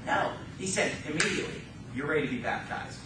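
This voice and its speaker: A man preaching a fervent sermon in a church, reading scripture slowly and mocking opposing views in quick asides. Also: a little high, lively intonation, background noise. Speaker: pastor. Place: church sanctuary. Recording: echoey church room, mic far off.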